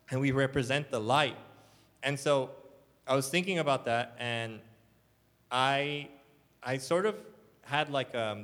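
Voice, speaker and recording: A man's voice: medium pitch, a bit bright. Casual young man preaching in a reverberant hall. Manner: casual, filler-heavy storytelling with many "like"s. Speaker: church elder preaching. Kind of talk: sermon. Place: church hall.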